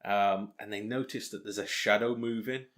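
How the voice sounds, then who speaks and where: A man's voice: on the low side, fairly even intonation, normal speed, a bit bright. A young man co-hosting a podcast, recapping an episode in a rambling, joking way with lots of ums. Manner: rambling recap with self-mocking jokes and frequent ums. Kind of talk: casual podcast chat.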